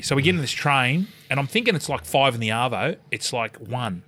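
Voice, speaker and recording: A man's voice: medium pitch, a little fast. Australian man telling a wild story. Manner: animated, swears often, acts out quoted voices. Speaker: guest, former rugby league player. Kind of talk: casual storytelling in a podcast. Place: podcast studio.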